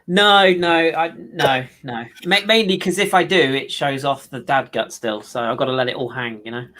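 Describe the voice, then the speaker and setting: A man's voice: mid-range voice, moderate pace, sharp tone. A man co-hosting a football podcast, chatting casually and emphatically, often repeating himself. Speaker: podcast co-host.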